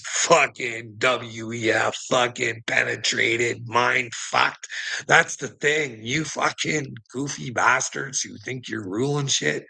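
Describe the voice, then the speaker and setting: Gravelly, husky man in a profane rant. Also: medium pitch, bright, forceful tone. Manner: rambling, profane, laughs often. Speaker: vlogger.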